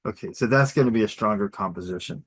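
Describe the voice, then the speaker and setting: A man's voice: on the low side, fast, slightly rough. Easygoing man critiquing storyboards. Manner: relaxed, encouraging, conversational. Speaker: storyboard artist giving a critique. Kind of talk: casual critique over drawings.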